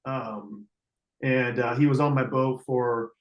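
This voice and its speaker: A man telling a river rescue story in casual, halting speech full of fillers and restarts, heard over a video call. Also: medium pitch, fairly even intonation, reverberant, low-quality recording.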